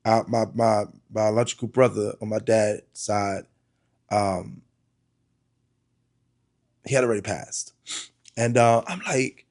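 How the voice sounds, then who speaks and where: A man's voice: on the low side, steady tone, slow, pauses often, a little mellow. A middle-aged man, a pastor, earnestly telling a personal testimony, often repeating words and calling listeners "y'all".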